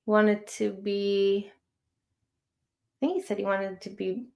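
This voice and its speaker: A woman's voice: mid-range voice, fairly even intonation, unhurried, vocal fry, a little mellow. A woman with a Chicago accent hosting a casual livestream chat, rambling and chatty with lots of fillers. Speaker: livestream host.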